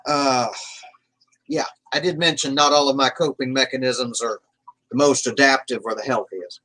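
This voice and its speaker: A man chatting on a casual livestream, rambling loosely and reading out messages from chat. His voice is bright and forward, and he swears in an offhand way. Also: medium pitch, fairly even intonation, normal speed, low-quality recording. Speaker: livestream host.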